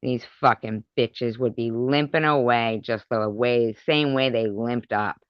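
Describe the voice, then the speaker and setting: A woman vents in an angry vlog rant, swearing and taunting as she hammers her points home with repeated words. Her voice is smooth and clear, and she talks at a slow, deliberate pace. The recording is dry and dull, with a lo-fi sound. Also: rumbling low, fairly even intonation, no room sound. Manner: profane and confrontational, taunting. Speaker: vlogger.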